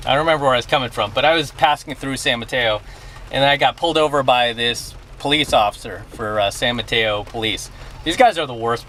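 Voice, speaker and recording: A man's voice: mid-range voice, sharp tone, a little hiss or hum. A man vlogging outdoors beside his car, telling a story and giving blunt advice, often checking in with "okay?". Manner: emphatic, blunt, keeps asking "okay?". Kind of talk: casual storytelling and advice to camera.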